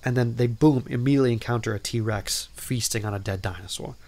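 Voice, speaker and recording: A man's voice: mid-range voice, a little fast, background noise. A man hosting a podcast, casually recapping a movie in a rambling way, full of "like" and "um," with playful asides. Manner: rambling, filler-heavy, lots of "like" and "um"; playful, self-interrupting asides. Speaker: podcast host.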